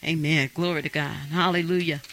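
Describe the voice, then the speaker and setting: A man's voice: fairly high pitch, level tone, brisk, a bit bright, a little hiss or hum, low-quality recording. A man preaching a sermon, emphatic and urging his congregation on.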